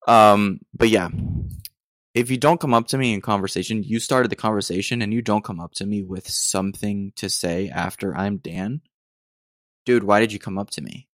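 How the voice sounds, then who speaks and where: American dude ranting on his own podcast, kinda low voice, goes off on tangents, dry close sound. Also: moderate pace, no room sound. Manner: rambling, digressive, mock-exasperated. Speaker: podcast host. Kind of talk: casual solo podcast rant.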